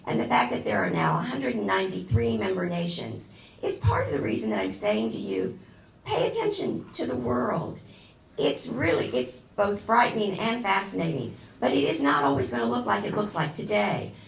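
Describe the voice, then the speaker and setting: A woman's voice: medium pitch, wildly swooping pitch, normal speed, gravelly, slight background noise. Woman, guest lecturer, enthusiastic and digressive, echoey distant room. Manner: enthusiastic, digressive, addresses audience directly. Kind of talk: classroom lecture.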